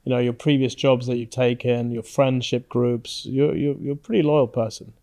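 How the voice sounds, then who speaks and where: A man's voice: mid-range voice, fairly even intonation, moderate pace, mellow. A man hosting a podcast, asking probing questions in a casual, teasing way. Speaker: podcast host. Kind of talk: casual conversational interview.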